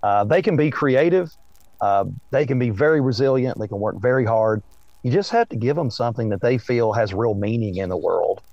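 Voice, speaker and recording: A man with an Appalachian Southern accent, a history teacher speaking as a podcast guest in a slow, melodic storytelling way. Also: medium pitch, animated, darkish tone, dry recording, highs cut off. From East Tennessee. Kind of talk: casual interview chat.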